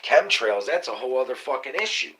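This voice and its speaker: A man, hosting a live stream and ranting excitably about conspiracies, cursing often and calling to viewers as y'all. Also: medium pitch, a little fast. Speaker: livestream host. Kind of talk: casual live-stream rant. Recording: noisy live-stream audio.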